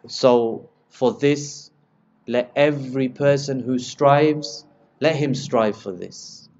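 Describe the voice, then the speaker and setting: A man giving a religious lesson, retelling narrations with lively storytelling and speaking directly to his listeners as brothers. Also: takes it slowly. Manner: lively storytelling, rises in pitch and volume when quoting dialogue. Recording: slightly dull lo-fi recording.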